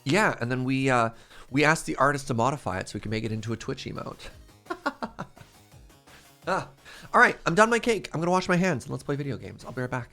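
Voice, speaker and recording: Playful guy chatting on a livestream, voice bouncing up and down, soft music underneath. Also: mid-range voice, animated, a little fast. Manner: chatty and playful, laughs often. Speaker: streamer. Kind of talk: casual livestream chat, reading chat aloud.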